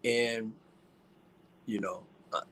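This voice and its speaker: An older man hosting a show, crying as he gives a halting, emotional tribute and often repeats his words. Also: on the low side, fairly even intonation, a bit bright. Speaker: show host.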